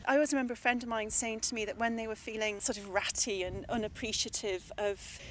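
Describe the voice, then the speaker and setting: Thoughtful woman poet, fairly high voice. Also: fairly even intonation, fast talker, slight background noise. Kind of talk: reflective interview answers.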